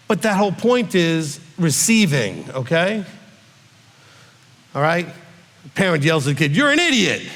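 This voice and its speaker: A rabbi fields questions in a relaxed teaching manner, voicing the people he quotes and often pausing to ask "okay?" His voice sits a little high with a fairly bright tone, trailed by a long reverb.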